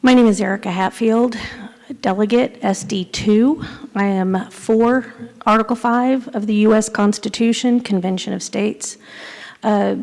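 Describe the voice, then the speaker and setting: A woman delegate testifies before a committee. Her voice sits at an ordinary pitch and she lays out each point step by step. The sound comes from a big convention hall with a long, echoey reverb. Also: unhurried, gravelly. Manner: steady, explanatory, like a civics lesson. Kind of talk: public testimony at a committee hearing.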